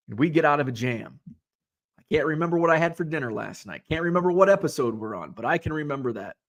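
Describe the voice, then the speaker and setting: A man's voice: a little high, fairly bright tone. A man in his forties, a hobby show host, telling a rambling, self-mocking story in casual chat and swearing now and then. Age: 40s.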